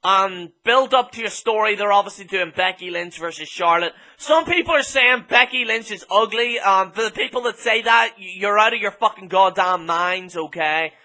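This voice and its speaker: A man's voice: high-pitched, moderate pace, few pauses, bright, forceful tone. An Irish man reviewing a wrestling show in a blunt, sweary, casual rant full of ums. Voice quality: blunt, sweary, filler-heavy with many ums.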